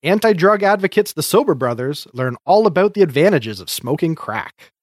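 A man's voice: a little high, sing-song, moderate pace, no room sound, clean studio sound. A man co-hosting a casual podcast, reviewing comedy sketches in a chatty, hesitant way with frequent restarts.

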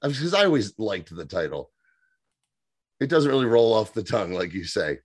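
Excitable podcast co-host, dry close sound. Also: male voice, lowish voice, moderate pace, dry recording. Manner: enthusiastic, self-interrupting. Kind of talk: casual chat.

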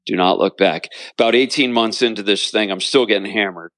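Pastor, male, low voice, earnest preaching rhythm, dry close sound; interview storytelling. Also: fairly quick, a bit bright, no echo. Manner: earnest preaching cadence, repeats phrases for emphasis. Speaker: pastor and author.

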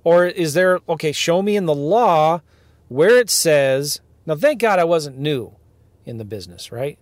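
A man hosting a podcast from his car, ranting in an animated way and firing off rhetorical questions to his listeners. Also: on the high side, a little slow, no echo. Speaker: podcast host, real estate investing coach. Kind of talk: ranting monologue.

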